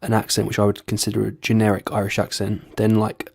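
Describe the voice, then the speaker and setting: Give me a young man rambling casually to camera, swearing freely, with a gravelly low voice. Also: completely flat delivery, brisk, dry recording, studio quality. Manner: rambling, sweary, self-deprecating. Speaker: vlogger doing accents.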